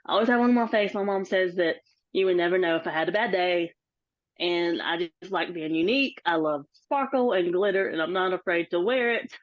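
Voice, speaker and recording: Brief: cheerful woman, lower voice, dull dry call audio. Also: fairly quick, no echo. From South Carolina. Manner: bubbly, cheerful. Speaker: new team member introducing herself. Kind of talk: self-introduction on a video call. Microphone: video call.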